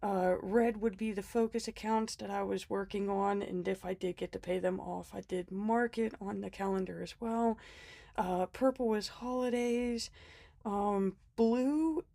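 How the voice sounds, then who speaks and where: A planner vlogger talks through her budget planner in a casual vlog while sick and winded, chatty and self-deprecating with lots of ums and small laughs. Her mid-range voice is dark, with vocal fry, fairly even intonation and a measured pace, and there's no echo.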